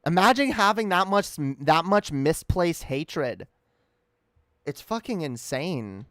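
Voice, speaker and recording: A man's voice: a little high, expressive, takes it slowly, pushed and bright, dry recording, studio quality. A man giving casual, profane reaction commentary on a video, incredulous and rambling. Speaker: commentary streamer.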